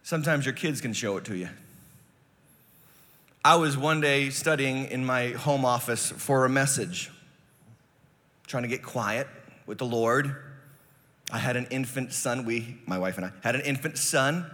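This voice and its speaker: A middle-aged male pastor preaching a sermon, telling stories and building to loud, emphatic preaching. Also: mid-range voice, unhurried, pauses often, long reverb tail.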